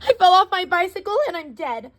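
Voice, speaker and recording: A woman doing a shrill panicky hypochondriac. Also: animated, moderate pace, fairly bright tone. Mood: wailing. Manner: shrill, panicky, exaggerated alarm. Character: fretful hypochondriac female creature, dramatic and whiny.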